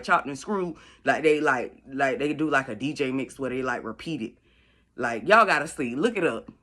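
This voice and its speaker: A middle-aged woman from Florida tells a long, rambling story in a casual vlog. Her voice is bright and clear, and she stretches some words out slowly for emphasis as she talks. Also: low voice. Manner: rambling, chatty, drawls words out slowly for effect. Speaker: vlogger. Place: at home doing makeup.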